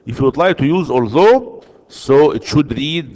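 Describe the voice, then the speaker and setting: A slightly high-voiced man teaching English online, working patiently through the exercises. He repeats key words and answers for his students. His voice trails a long reverb. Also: expressive, measured pace, a little mellow.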